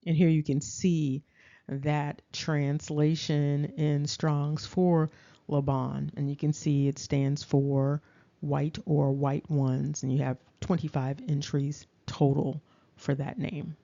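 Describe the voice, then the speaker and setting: A woman giving a deliberate lecture over slides, pausing to check in with her listeners. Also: sits low, little pitch movement, warm tone. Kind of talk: slow explanatory lecture. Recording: dull lo-fi recording.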